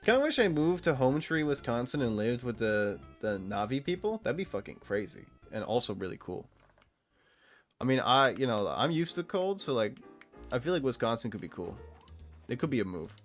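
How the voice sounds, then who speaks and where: A man's voice: mid-range voice, sing-song, normal speed, faint music behind. Rambling, swearing male streamer. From Texas. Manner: rambling, swears freely, laughs often. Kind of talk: casual gameplay commentary.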